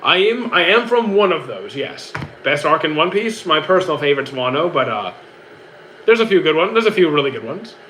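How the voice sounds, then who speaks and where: A man's voice: on the high side, very animated, brisk, bright, forceful tone, slight background noise, poor audio. A young man from Canada, a streamer casually answering chat questions in an easygoing, rambling way with many restarts.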